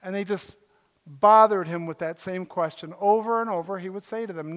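A man's voice: sits high, normal speed, muffled recording. An older man, a pastor, preaching a sermon in a joking, conversational way with asides. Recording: echoey hall reverb.

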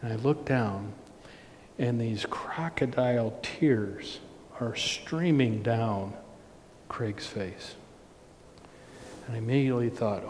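A man's voice: slow pace, pauses often, a little mellow. A man preaching a sermon, telling a personal story in an earnest way and building to emphatic points. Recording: long hall reverb, faint low rumble.

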